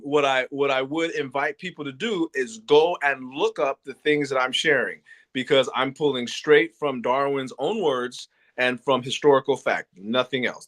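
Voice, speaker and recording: A man's voice: mid-range voice, a bit bright. A man presenting a lecture series in an informal spoken style, earnest and plainspoken. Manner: earnest and plainspoken, insisting on facts.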